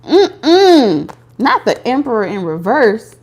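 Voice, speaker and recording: A woman's voice: medium pitch, moderate pace, highs cut off. Blunt, slangy woman reading tarot. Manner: blunt, slangy and profane, with laughs. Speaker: tarot reader. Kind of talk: casual tarot reading to viewers.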